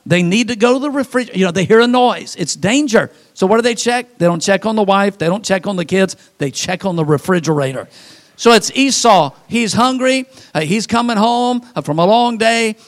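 A man in his sixties preaching a folksy sermon in a church, joking with the congregation and leading them in call-outs. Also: sits high. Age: 60s. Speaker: pastor. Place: church sanctuary.

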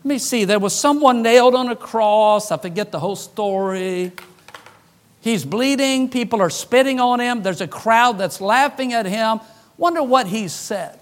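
A man preaching a sermon as pastor, folksy with joking asides, swinging between loud emphasis and hushed lines. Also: very high voice, moderate pace.

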